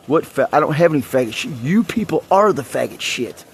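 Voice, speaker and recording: A man's voice: a little high, expressive, brisk, hardly any pauses, husky. A man rambling and venting in an agitated monologue, swearing heavily as he talks. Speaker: vlogger.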